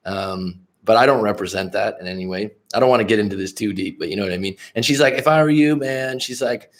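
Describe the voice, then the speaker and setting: Outgoing young American guy from the Bay Area, slightly low voice, chatty and profane, riffing to live chat. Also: fast talker. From California, Bay Area. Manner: talkative, outgoing, swears casually. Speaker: life coach hosting a livestream. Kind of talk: casual storytelling to live chat.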